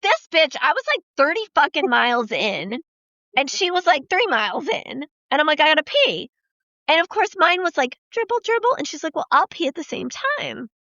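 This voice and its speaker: A woman hosting a podcast, telling profane, lively stories in casual chat and acting out the quoted lines. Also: high-pitched, moderate pace, dry recording. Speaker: podcast host. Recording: dull, dry lo-fi podcast audio.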